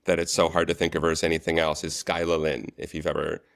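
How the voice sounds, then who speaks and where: A man telling set stories as a guest, relaxed and chatty in a casual interview. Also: very deep voice, fast talker, vocal fry, no room sound, clean studio sound. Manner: animated storyteller, relaxed and chatty. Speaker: guest, actor and stunt coordinator.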